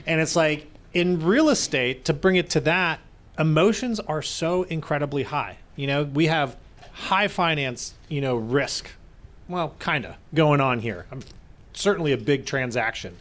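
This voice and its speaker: A man co-hosting a live podcast, speaking earnestly and retelling stories with quoted voices. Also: on the high side. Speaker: podcast co-host.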